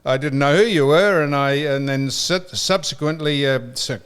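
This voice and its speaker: A man hosting a casual podcast, his voice sitting a little higher than usual for a man. He tells stories in a rambling way, stopping and restarting often, with a few curses thrown in. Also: normal speed, fairly bright tone, smooth. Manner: rambling storyteller with frequent restarts and cursing. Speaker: podcast host. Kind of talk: casual chat.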